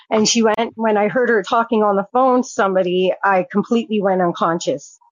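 A woman's voice: medium pitch, normal speed, dry recording. A woman recounting a personal story as a guest, speaking frankly and swearing freely. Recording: dull, dry lo-fi sound.

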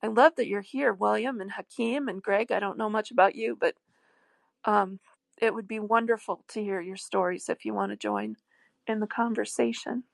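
Gravelly-voiced woman hosting a devotional show. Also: mid-range voice, steady tone, dry recording. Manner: earnest storytelling, slow and emphatic in places. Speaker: host. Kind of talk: devotional talk show on a live audio app. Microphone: phone.

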